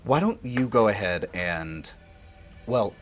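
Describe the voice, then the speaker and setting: A man narrating a tabletop horror game as game master, calmly describing scenes and calling for rolls. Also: on the low side, slow pace, a little hiss or hum.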